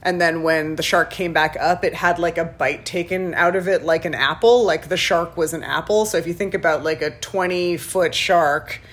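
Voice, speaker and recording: A woman's voice: fairly low pitch, fairly even intonation, normal speed, hardly any pauses. Chatty woman, rambling storyteller. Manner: rambling storyteller, many restarts and "like". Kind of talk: casual chat.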